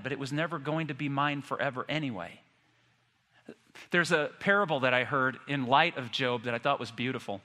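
Man in his 50s, pastor, lively sermon storytelling, bright voice, reverberant church hall. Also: mid-range voice. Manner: animated storytelling with self-deprecating humor.

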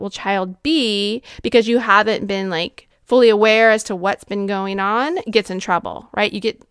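Lively storytelling woman podcast host. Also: mid-range voice, smooth, dry recording, studio quality. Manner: animated storytelling, acting out scenes in quick asides. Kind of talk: faith-based relationship advice monologue.

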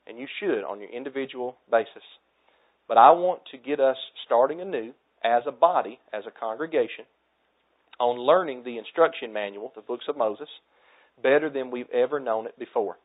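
A man in his thirties delivers a sermon in an earnest, exhorting voice. He leans into the pleas and then lets key lines fall quiet. His voice is of middling pitch, and the recording is narrow and tinny like a phone line. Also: moderate pace. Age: 30s. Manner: earnest, exhorting preacher, drops to soft tones for emphasis. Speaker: pastor.

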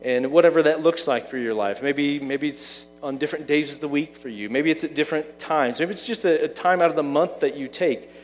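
A man's voice: on the high side, fairly quick, hardly any pauses, slight background noise. Conversational male pastor, echoing hall. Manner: conversational preaching with rhetorical questions. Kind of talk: sermon.

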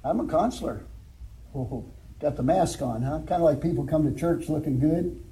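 A man's voice: fairly high pitch, normal speed, warm tone, low-quality recording. An older man, a former alcohol counselor, telling his testimony and preaching in a folksy storytelling way with chuckles. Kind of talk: church testimony and sermon.

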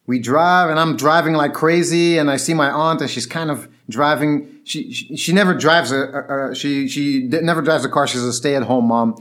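A man telling a personal story in a casual, animated way, acting out the quoted voices of the people in it. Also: fairly high pitch, normal speed, few pauses.

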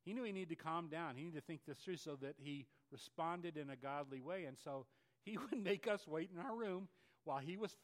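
An older male pastor preaching a sermon in a conversational, animated way, with frequent restarts and asides. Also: fairly high pitch, a little fast.

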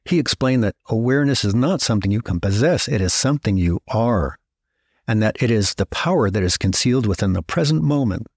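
A middle-aged man hosting a podcast, telling stories in a measured, reflective scripted narration that slows down to stress key words. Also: on the low side, lively intonation, darkish tone, dry recording, studio quality. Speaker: podcast host.

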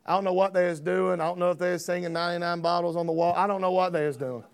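A man's voice: sits high, steady tone, racing, clean tone. A man preaching a sermon in a folksy, fervent manner. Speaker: pastor.

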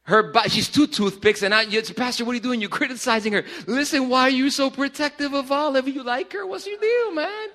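A man preaching a sermon to a congregation in a church, animated and joking with the crowd as their pastor. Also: very high voice, fairly quick, hardly any pauses. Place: church service before a congregation.

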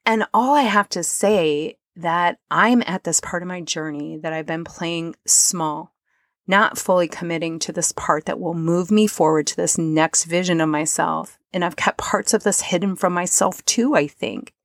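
Soft-spoken woman with a low voice, dry sound. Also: measured pace, no room sound. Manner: soft, earnest and emotional, at times near tears. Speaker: podcast host. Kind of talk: personal reflective monologue.

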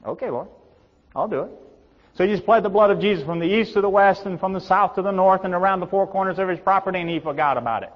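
Man preaching in a reverberant hall. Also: fast. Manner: swings between loud emphatic peaks and hushed low tones. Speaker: pastor. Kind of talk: sermon. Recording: dull reverberant hall sound.

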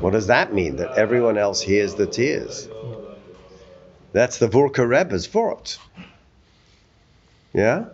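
A man teaching a Torah text in a study discussion, telling stories with animated acted-out voices. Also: fairly low pitch, takes it slowly, long pauses, crowd noise. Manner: animated storytelling, acts out quoted voices. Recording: dull lo-fi recording.

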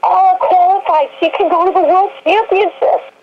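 A woman voicing an excited mother who squeals and repeats her good news, heard over a tinny phone line with faint hiss. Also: very high-pitched, normal speed, voice pushed up. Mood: thrilled.

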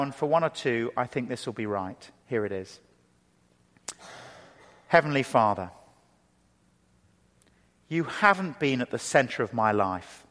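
A man preaching a sermon who speaks with lively emphasis and slows into a hushed, measured tone when leading a prayer. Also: on the high side. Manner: lively delivery, drops to a slow hushed tone for prayer. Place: church hall. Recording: reverberant hall.

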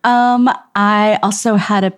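A woman guest on a music podcast, talking in a relaxed, self-deprecating way. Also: medium pitch, a little slow. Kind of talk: casual podcast chat.

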